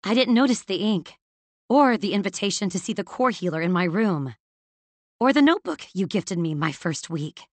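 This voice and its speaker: A woman narrator voicing a hurt young woman with a quiet, controlled, icy delivery in an audiobook. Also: medium pitch, lively intonation, normal speed, dry recording, natural voice. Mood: hurt, resolved. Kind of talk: audiobook character voice.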